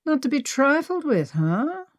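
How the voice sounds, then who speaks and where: A woman's voice: lowish voice, expressive, normal speed, a little mellow, no room sound, close to an everyday voice. A woman reading the part of a teasing, wry male adventurer in an audiobook, with a dry manner.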